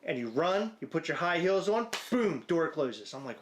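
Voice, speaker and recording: A man's voice: a little high, very animated, moderate pace, few pauses. A man co-hosting a podcast, rambling through crude, absurd hypotheticals with profane banter. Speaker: podcast co-host.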